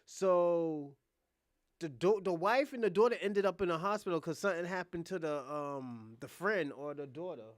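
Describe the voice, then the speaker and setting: A man's voice: fairly high pitch, moderate pace. A man hosting a podcast, casually retelling a story in a rambling, profane way with many fillers and restarts. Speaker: podcast host.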